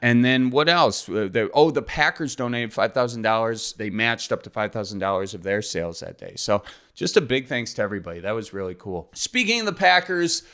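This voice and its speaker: A man's voice: fairly low pitch, fairly quick, a bit bright, smooth. A man, hosting his podcast in a folksy, joking, rambling way. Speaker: podcast host. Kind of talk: casual solo podcast intro.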